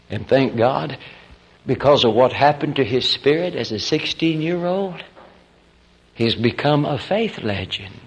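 A man preaching in a folksy, animated storytelling style, acting out the quotes of the people in his stories. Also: medium pitch, slightly rough. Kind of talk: storytelling sermon.

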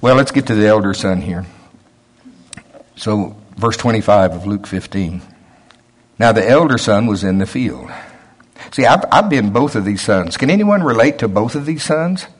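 A man's voice: fairly low pitch, expressive, normal speed, breathy edge. A middle-aged man preaching a storytelling sermon in a folksy way, acting out both sides of a conversation and chuckling often.

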